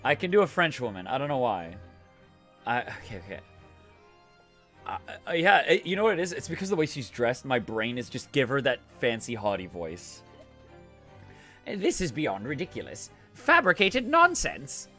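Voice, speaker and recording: A man streaming a game playthrough, reading the dialogue aloud and joking about it in animated, casually profane commentary. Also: medium pitch, brisk, faint music behind.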